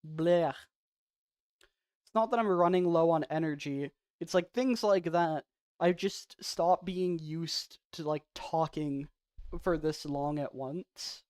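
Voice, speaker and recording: A male game streamer chatting away to his viewers. He rambles and pokes fun at himself, with a smooth, clear voice. The sound is dry and close. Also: fairly high pitch, slow pace, dry recording. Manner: rambling, self-deprecating; soft-spoken off stream. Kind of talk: casual livestream chat.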